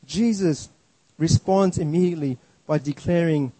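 A man's voice: a little high, moderate pace, warm tone, no echo, rough recording. A man preaching a sermon in an earnest, emphatic way, often restarting his words.

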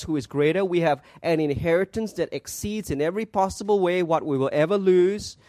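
A male pastor preaches earnestly, stopping to ask rhetorical questions and to quote scripture. His voice sits high for a man. The sound is dry and close, with no room around it. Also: no room sound. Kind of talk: sermon.

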